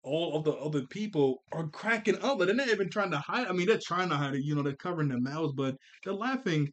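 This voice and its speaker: A man's voice: fairly high pitch, animated, fast talker. A man casually recapping a cartoon episode, chatting loosely, laughing often and correcting himself mid-sentence.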